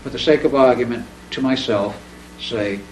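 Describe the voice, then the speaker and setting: A man's voice: mid-range voice, moderate pace. Man telling a rambling story in a roomy living room. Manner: rambling, animated, acts out quoted dialogue. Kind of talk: casual anecdotal storytelling. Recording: roomy, distant mic, faint background noise.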